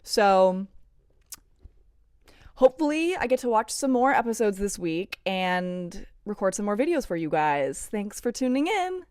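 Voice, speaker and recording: A woman's voice: medium pitch, very animated, measured pace, a little mellow, no echo, clean studio sound. A woman in her thirties chatting casually in a video blog, gushing and emotional, filling her talk with "like" and "um". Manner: gushing and emotional, heavy use of "like" and "um". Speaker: vlogger reviewing TV episodes. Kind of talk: casual chat.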